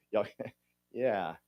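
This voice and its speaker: A man's voice: lowish voice, darkish tone, muffled recording. A man, giving a folksy, joking motivational talk to a conference audience. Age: 50s. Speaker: conference speaker. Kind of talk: motivational speech. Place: conference hall.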